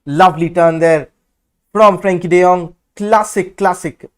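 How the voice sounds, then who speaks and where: A man hosting a football watch-along, giving live match commentary in an excitable, blunt and outspoken way. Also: high-pitched, measured pace.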